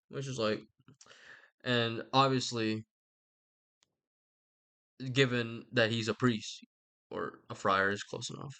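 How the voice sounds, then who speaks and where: A man's voice: mid-range voice, fairly even intonation, slow pace, pauses often, pushed and bright. A young man giving a rambling, sarcastic comedic recap of a book, swearing casually and putting on voices for the characters.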